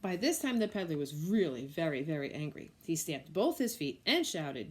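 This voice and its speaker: Animated preschool teacher reading aloud. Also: female voice, fairly low pitch, normal speed, hardly any pauses, slight background noise. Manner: animated, expressive storytelling. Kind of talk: reading a picture book aloud to children.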